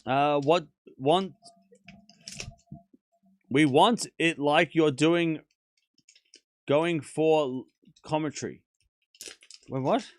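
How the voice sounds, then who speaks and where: A man's voice: a little high, very slow, long pauses, no echo. A man with an Australian accent hosting a casual tennis watchalong live stream, reading viewer comments aloud and answering them in a laid-back, joking way. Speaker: livestream tennis watchalong host.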